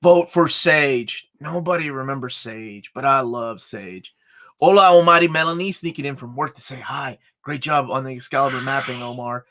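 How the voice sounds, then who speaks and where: A man's voice: medium pitch, normal speed, a bit bright. A man co-hosting a live chat show, joking and reading viewer comments aloud. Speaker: co-host.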